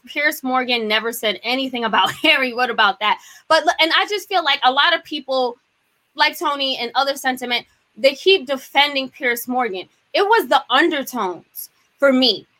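A woman speaking as a panel guest, animated and emphatic as she makes her points. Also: sits high. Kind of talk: casual panel discussion.

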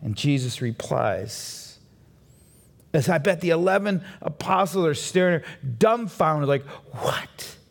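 A man preaching as pastor, delivering an animated sermon that builds to emphatic peaks. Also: a little high, measured pace, vocal fry. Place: church.

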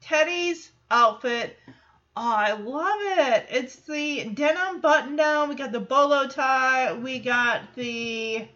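High, chatty young woman, lo-fi sound. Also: takes it slowly, pushed and bright. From Michigan. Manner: chatty, laughs often, acts out lines. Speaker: show reaction vlogger. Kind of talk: casual episode commentary. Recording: dull lo-fi recording.

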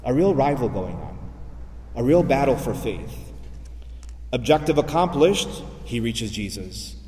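A man's voice: mid-range voice, sing-song, unhurried, mellow, far from the mic. A man, a priest, preaching a sermon, repeating phrases and asking rhetorical questions. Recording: echoey hall, voice from afar.

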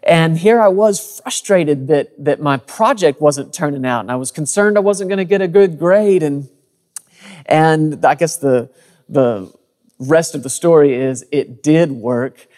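A man's voice: a little high, unhurried, darkish tone. Earnest thirties man preaching in a reverberant hall. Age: 30s. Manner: earnest, conversational preaching with frequent word repeats. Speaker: pastor. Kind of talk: sermon.

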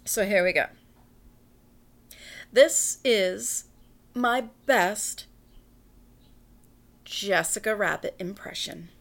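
A woman hosting a podcast in a casual monologue, brash and profane, talking quickly and joking with frequent laughs. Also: medium pitch, vocal fry, a bit bright. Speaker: podcast host.

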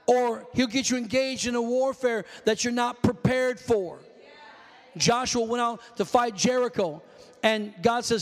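A man preaching a fervent sermon in a church, often shouting calls to the congregation. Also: very high voice, unhurried. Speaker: pastor. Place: church sanctuary. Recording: long hall reverb.

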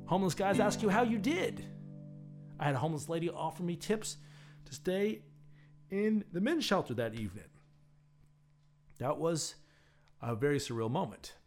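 A man hosting a show, telling a personal street-music story in a relaxed, reflective way. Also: fairly high pitch, normal speed, long pauses. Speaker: podcast host and street musician. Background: plucked guitar music.

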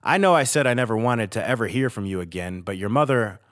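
A man in his thirties, a podcast host, reading a personal letter aloud in a steady, earnest way with pauses. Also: on the low side, dry recording, clean studio sound.

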